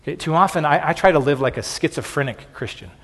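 A man's voice: fairly high pitch, expressive, quick pace, a bit bright, in a large hall. A man preaching a sermon as pastor, earnest and repetitive, often restarting words and saying "okay" between points.

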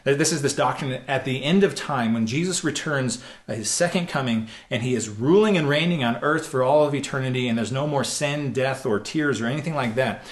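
Brief: male pastor, mid-pitched, earnest and conversational sermon delivery, frequent restarts and repeated words. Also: brisk, few pauses. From United States.

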